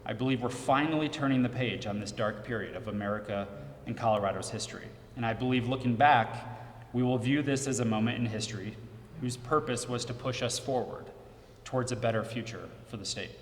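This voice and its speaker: A man's voice: mid-range voice, fairly quick, slight background noise. A man speaking as a legislative leader, giving an earnest, repetitive prepared speech at a press conference. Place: large echoey press room. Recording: roomy, long reverb from the hall.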